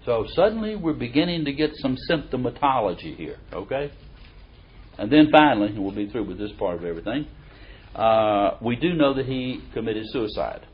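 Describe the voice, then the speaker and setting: A middle-aged man teaching a Bible lesson in a chatty, folksy way. His pitch swings widely as he acts out the verses, and the recording sounds dull and lo-fi. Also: moderate pace. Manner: folksy and animated, reads verses aloud with emphasis. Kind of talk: conversational sermon.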